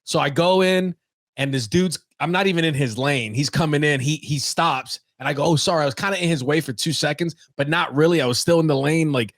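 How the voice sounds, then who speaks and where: A young man co-hosting a podcast, telling a story in casual chat with lots of swearing and animated retelling. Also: on the high side, fairly quick, dry recording. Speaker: podcast co-host.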